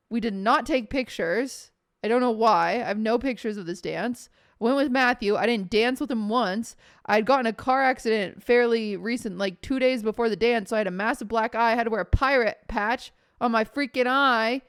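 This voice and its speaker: Young woman, casual storytelling, animated, swears freely, smooth clear voice, dry sound. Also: fairly high pitch, normal speed, dry recording. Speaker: streamer.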